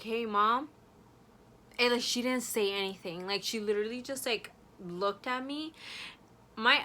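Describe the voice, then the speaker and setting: A woman's voice: mid-range voice, bright, forceful tone, slight background noise. A young woman vlogger casually telling a personal scary story to her viewers, full of fillers and asides. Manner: chatty, many fillers, addresses viewers directly.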